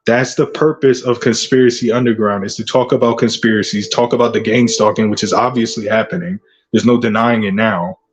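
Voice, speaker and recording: A man's voice: fairly low pitch, steady tone, a little fast. A man hosting his own channel, delivering an aggressive, profane rant full of taunting insults. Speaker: channel host. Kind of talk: ranting vlog monologue.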